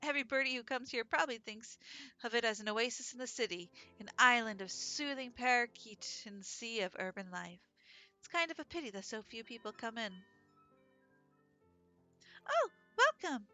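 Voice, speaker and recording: A woman reading a visual novel aloud for a let's play in an expressive, animated way. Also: on the high side, brisk, dry recording. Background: faint game music.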